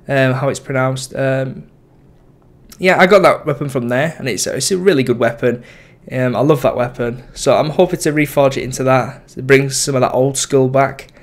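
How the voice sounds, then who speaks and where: A young man giving casual, rambling commentary over his game, full of ums and self-corrections. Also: mid-range voice. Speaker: gaming YouTuber.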